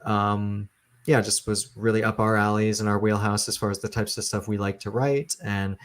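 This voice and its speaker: A man's voice: fairly low pitch, little pitch movement, normal speed, clean tone. A man, a comic book writer, talking about his work in an interview, with many fillers and restarts. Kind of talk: casual interview talk.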